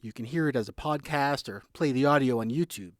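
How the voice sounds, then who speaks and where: A man reporting a scripted radio news feature in a lively, measured delivery. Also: medium pitch, no echo, studio quality.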